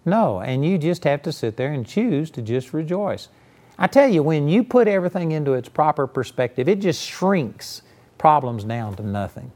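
A man's voice: on the high side, big pitch swings, normal speed, darkish tone. Folksy preacher man telling stories. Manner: folksy, storytelling, emphatic, frequent "you know". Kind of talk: conversational sermon.

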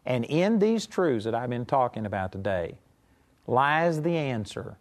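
Man, preacher, sermon, mid-range voice, slow emphatic delivery, quick scripture reading, conversational asides. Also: medium pitch, sing-song. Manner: reads scripture quickly, then slows and stresses key words; in King James phrasing; conversational asides. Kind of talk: sermon teaching.

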